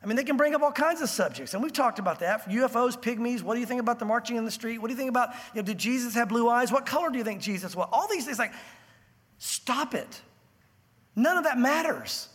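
A pastor delivers a sermon in a strikingly high-pitched male voice, telling the story with animation and acting out the voices of the crowd. His words ring out through a long church reverb, the hall trailing each phrase. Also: animated, quick pace, a bit bright.

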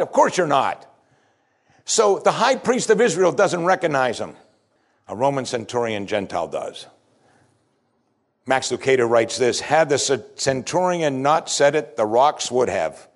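A male pastor delivering a sermon in a lively, expressive voice whose pitch rises and falls widely. He acts out the people he quotes and drops to a hush for dramatic moments. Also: moderate pace. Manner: animated preaching, voicing quoted speakers, swings from loud to hushed.

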